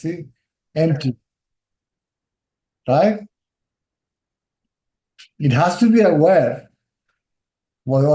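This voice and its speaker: A man's voice: on the high side, dark tone. A man with an Indian-tinged accent giving a patient spiritual teaching, often checking in with "right?". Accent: Indian-tinged English. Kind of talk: nondual teaching talk. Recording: roomy echo.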